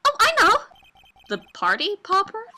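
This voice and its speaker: A woman's voice: very high voice, wildly swooping pitch, moderate pace, sharp tone, pitched above the performer's own voice, heavily acted. A woman voicing an eager, perky teenage girl sidekick in a fan game dub. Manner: eager, chirpy.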